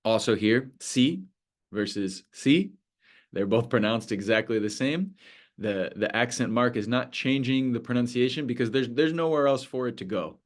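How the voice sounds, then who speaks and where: A male Spanish teacher explaining a beginner lesson, patiently slowing down to model words. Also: mid-range voice.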